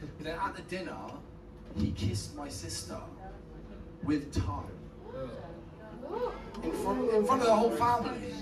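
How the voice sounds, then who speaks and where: A British man with a high, animated voice works the crowd on a comedy club stage, teasing and chuckling as he goes. His delivery is unhurried. The mic catches him from a distance in an echoey room, with the audience laughing loudly. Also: heavy background noise. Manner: teasing, flirty, laughs at own jokes. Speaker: stand-up comedian. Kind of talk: live stand-up set with crowd work. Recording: echoey club heard from afar. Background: loud audience laughter.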